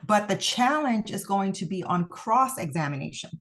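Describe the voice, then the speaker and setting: A woman who founded a mock trial program, giving a recorded lesson in an encouraging, deliberate way and stressing key words. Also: medium pitch, lively intonation, fairly bright tone.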